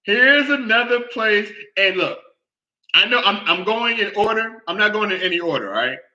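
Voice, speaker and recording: Animated man hosting a sports talk show. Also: high-pitched, normal speed, highs cut off. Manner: animated, repeats himself, keeps asking "all right?".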